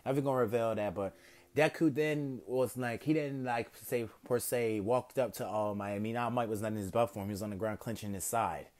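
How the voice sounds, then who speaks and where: A man's voice: lowish voice, fairly quick, darkish tone. A man casually improvising a fan story, rambling and correcting himself as he goes.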